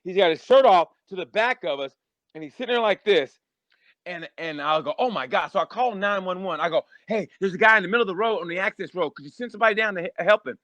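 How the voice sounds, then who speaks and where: High-energy animated man telling stories. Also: fast talker, dry recording. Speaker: guest comedian. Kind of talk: casual podcast chat.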